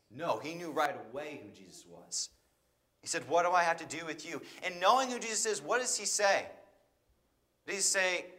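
A male preacher delivers a sermon, reading passages of scripture aloud and then unpacking them with rhetorical questions. His voice sits high and rings with a bright, forceful edge. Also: very animated, normal speed.

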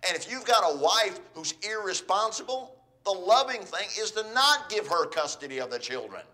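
A man's voice: sits high, big pitch swings, moderate pace, sharp tone. A man preaching a sermon in an earnest, exhorting way, putting questions to his listeners.

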